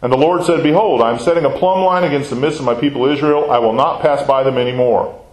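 Over crowd noise in an echoey room, poorly recorded, a man with a medium-pitched voice talks quickly while teaching Bible study. He reads scripture aloud, explains it conversationally and quizzes the class, frequently saying "right?"

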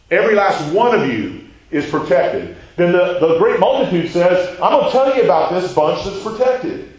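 A man's voice: fairly high pitch, muffled recording. A man teaching a Bible class in a conversational way, asking questions and answering them himself. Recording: very echoey room.

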